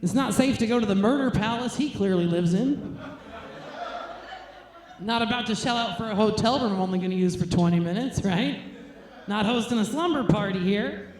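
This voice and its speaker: A woman's voice: mid-range voice, moderate pace, long pauses, a little mellow. Crude, self-mocking woman stand-up comic. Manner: laughs between lines. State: nursing a baby on stage. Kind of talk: stand-up set. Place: comedy stage, roomy venue. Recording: roomy live venue recording.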